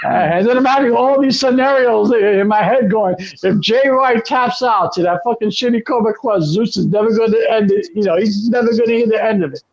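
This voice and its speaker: An excitable man with a high voice talks fast and loose on a podcast, swearing freely and acting out his own reactions as he retells things. The sound is dull and lo-fi. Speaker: podcast co-host. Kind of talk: casual podcast chat.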